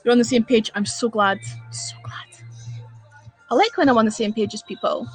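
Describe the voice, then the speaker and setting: A woman's voice: on the high side, quick pace, faint music behind. A woman chatting with viewers on a livestream, blunt and full of swearing as she rants. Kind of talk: casual live-stream chat.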